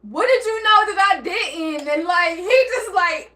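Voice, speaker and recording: A woman vlogger delivers an emotional, blunt, profane personal monologue in a very high-pitched, sharp, animated voice, unhurried yet with hardly any pauses. She acts out bits of dialogue and swings between nearly crying and laughing.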